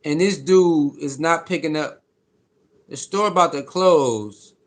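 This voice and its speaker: Slangy high-voiced man chatting live. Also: slow. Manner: slangy, repeats himself, greets viewers by name. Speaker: live streamer chatting with viewers. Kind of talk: casual live-stream chat.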